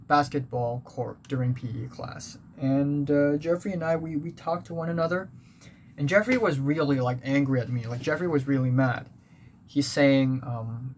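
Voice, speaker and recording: A young man telling a personal story in a rambling, confessional way, full of fillers and restarts. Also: medium pitch. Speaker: vlogger. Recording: clear background noise.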